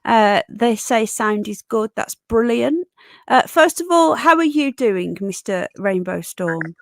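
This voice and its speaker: A woman's voice: fairly high pitch, animated, takes it slowly, gravelly, no echo. A woman hosting a casual live stream, chatty and affectionate as she greets viewers one by one.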